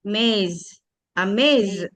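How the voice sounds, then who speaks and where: A woman with an Indian English accent teaching English pronunciation, saying each word slowly and repeating it for a student to echo. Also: medium pitch, a bit bright. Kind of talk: pronunciation drill lesson.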